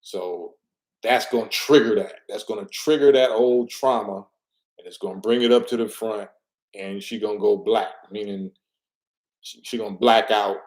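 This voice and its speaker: A man's voice: on the low side, a little mellow. A middle-aged man giving an emphatic, preachy street-talk monologue and repeating his words as he commentates. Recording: roomy echo.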